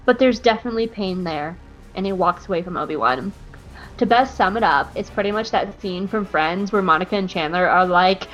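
A woman hosting a casual recap show, animated and playful, swearing freely. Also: medium pitch, a little fast, lo-fi sound, faint music behind. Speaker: podcast host recapping an episode. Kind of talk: casual chat.

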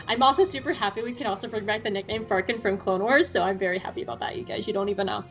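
A woman's voice: medium pitch, fairly even intonation, fast talker, few pauses, fairly bright tone, soft background music, rough recording. A woman podcast co-host chatting casually through an episode recap, giggly and swearing freely.

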